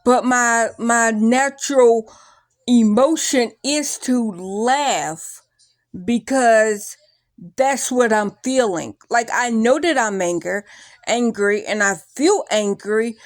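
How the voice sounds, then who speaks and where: Young woman w a high voice, rambling vlog talk, slow and dry sounding. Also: no room sound. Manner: rambling, animated, many likes and restarts. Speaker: vlogger. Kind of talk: casual confessional talk to camera.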